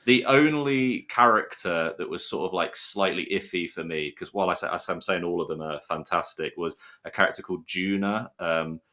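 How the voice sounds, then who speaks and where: A man's voice: low voice, moderate pace, few pauses, bright, forceful tone. A man from the UK chatting enthusiastically as a podcast guest. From United Kingdom. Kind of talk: casual chat.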